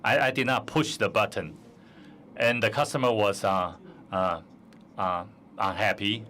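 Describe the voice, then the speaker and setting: A man's voice: lowish voice, a little slow, bright, forceful tone, slight background noise. A man telling a personal anecdote on a conference stage, hesitant with many fillers, into a stage microphone. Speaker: forum speaker.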